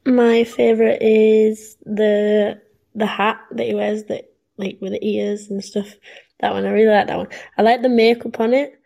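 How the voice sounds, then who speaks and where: A woman co-hosts a casual podcast. Her voice is mellow and flat, and she often hesitates with fillers before she gets going. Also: mid-range voice, moderate pace, creaky, muffled recording. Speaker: podcast co-host. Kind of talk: casual chat.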